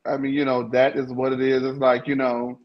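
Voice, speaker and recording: A sassy, opinionated man speaking as a panelist in a casual recap chat, at a middle pitch. He pads his opinions with easy fillers. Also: monotone, a little fast, highs cut off.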